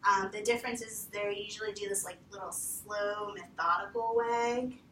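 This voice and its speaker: A woman teaching volunteers about dog behavior, animated and lively, acting out what dogs think. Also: mid-range voice, normal speed, slight background noise. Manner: animated, acts out dogs' thoughts in quotes. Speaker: veterinary behavior instructor. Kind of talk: training talk to volunteers. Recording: roomy, from far off, faint ambience.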